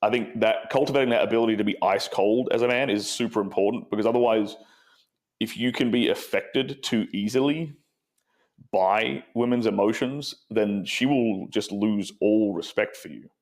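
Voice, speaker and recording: A man's voice: on the low side, moderate pace, darkish tone. A man hosting a podcast, talking frankly and plainly, often repeating words as he works out his point. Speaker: podcast host. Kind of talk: casual podcast conversation.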